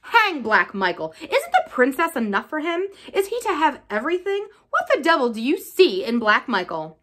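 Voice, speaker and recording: A woman voicing a reckless, spoilt young nobleman who talks loud and merry with a sneer. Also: high voice, sing-song, moderate pace. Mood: mocking.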